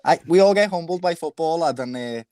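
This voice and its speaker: A man's voice: on the high side, expressive, a little fast, dark tone, no room sound, studio quality. A man arguing about football on a casual podcast panel, heated, emphatic and calling everyone "lad". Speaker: Liverpool fan panelist.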